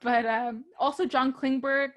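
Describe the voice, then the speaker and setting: Young female co-host, casual and giggly sports chatter, a touch high. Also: steady tone, measured pace, muffled recording. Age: young adult. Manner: chatty, laughs often.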